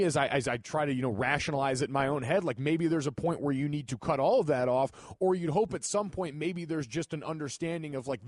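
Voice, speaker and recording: A man's voice: on the high side, dry recording. Young male radio co-host thinking aloud. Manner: reflective, thinks aloud with restarts and fillers. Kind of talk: casual sports talk radio. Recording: dry studio sound.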